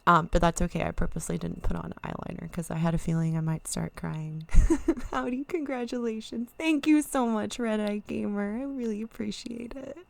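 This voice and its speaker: A woman's voice: medium pitch, normal speed, gravelly, dark tone, no room sound. A woman streamer chatting casually and emotionally to viewers, rambling and near tears. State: teary, near crying. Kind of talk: casual live-stream chat.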